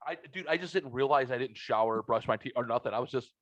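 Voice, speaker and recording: A middle-aged man hosting a podcast, telling a story in a casual, profane and animated way. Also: medium pitch, fast talker, no echo. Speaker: podcast host. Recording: dull lo-fi audio.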